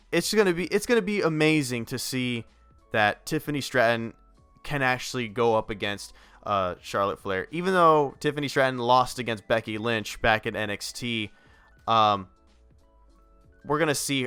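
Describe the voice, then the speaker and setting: A man's voice: medium pitch, a bit bright, clean tone, no echo. A young man casually giving his predictions, rambling and hesitant with many restarts. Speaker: wrestling vlogger.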